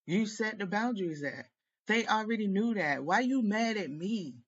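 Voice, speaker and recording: A woman's voice: mid-range voice, animated, moderate pace, husky, lo-fi sound. Heated, profane woman venting. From United States. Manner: heated, profane, rambling rant. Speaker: tarot reader. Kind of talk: venting monologue to camera.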